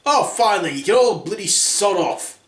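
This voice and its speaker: A man's voice: sits high, animated, moderate pace, a bit bright, voice pushed up. A man voicing a short-tempered, cursing male dwarf. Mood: grumbling. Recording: roomy echo.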